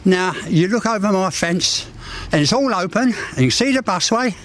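An elderly man in his eighties, short of breath as he talks, bluntly airing a grievance. His pitch swings widely and sits a little high for a man his age, and he wanders from point to point. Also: lively intonation, normal speed, fairly bright tone. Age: 80s. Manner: aggrieved, blunt, rambling complaint. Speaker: local resident interviewed. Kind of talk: on-location news interview.

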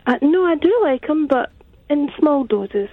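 Deadpan Scottish woman on a phone line. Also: high-pitched, measured pace, no room sound. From South Africa, raised in Scotland from age eleven. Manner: dry, deadpan replies. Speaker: caller.

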